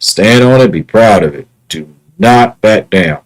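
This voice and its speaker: A man's voice: fairly low pitch, lively intonation, a little slow, low-quality recording. A man talking casually on his own livestream, earnest and repetitive, often restarting his words. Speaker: live streamer.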